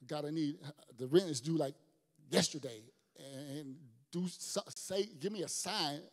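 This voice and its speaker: A male pastor preaching a sermon with big swings, from shouted lines down to quiet, near-whispered ones. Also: fairly high pitch, measured pace, in a large hall.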